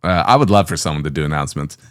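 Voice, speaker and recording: A middle-aged man, a pastor hosting a casual podcast, easygoing and quick to laugh. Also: a bass voice, lively intonation, fairly bright tone, no room sound, studio quality.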